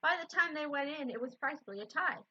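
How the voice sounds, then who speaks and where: A woman reading a children's book aloud in a gentle, unpolished way, correcting her own slips. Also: high-pitched, animated, quick pace. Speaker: storybook reader. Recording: dull lo-fi recording.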